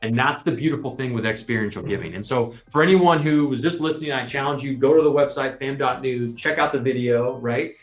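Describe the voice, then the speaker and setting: A man hosts a podcast and talks through his points as lively, acted-out scenes, slipping into quoted voices. His voice sits at a middle pitch. The room sounds echoey, with faint music underneath. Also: brisk, few pauses. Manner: animated, explains with imagined scenes and quoted asides. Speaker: podcast host. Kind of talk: casual storytelling chat.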